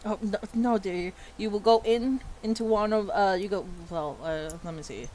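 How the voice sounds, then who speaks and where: A woman voicing a flustered, kindly male professor at a magic school, who stammers and fills pauses with "uh". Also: medium pitch, warm tone, a little hiss or hum, close to an everyday voice. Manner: stammering, flustered, full of fillers.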